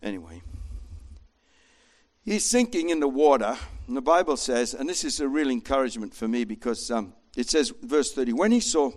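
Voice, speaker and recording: A man preaching a sermon with an animated manner, acting out voices as he tells the story. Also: mid-range voice, moderate pace. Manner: animated, acts out voices in quotes.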